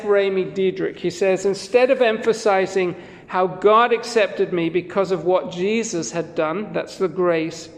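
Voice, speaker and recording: A man's voice: sits high, in a large hall. A man preaching a sermon as pastor, in an earnest, conversational way, with quoted readings woven in.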